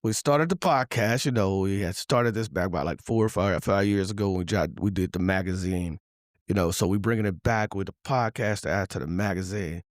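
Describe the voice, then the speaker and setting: A man hosts a casual podcast interview in a low voice. He talks loosely, full of slang, fillers and restarts. The sound is dry and close. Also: brisk, dry recording. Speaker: podcast host.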